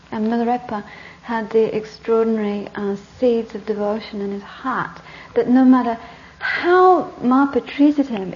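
A woman Buddhist teacher telling a story in a dharma talk, conversational, with restarts and sentences that trail off softly, on a dull lo-fi recording. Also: a little high.

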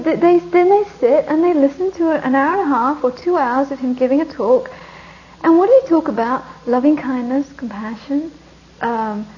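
A woman who is a Buddhist nun, telling stories in an animated, emphatic way and dropping almost to a whisper on reflective points. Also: high-pitched. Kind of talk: storytelling talk. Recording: muffled lo-fi recording.

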